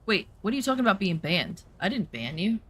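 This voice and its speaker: A woman's voice: medium pitch, fast, husky. A woman streamer chatting casually while playing, telling a story bluntly and swearing freely, acting out what people said. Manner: animated storytelling, acts out quotes.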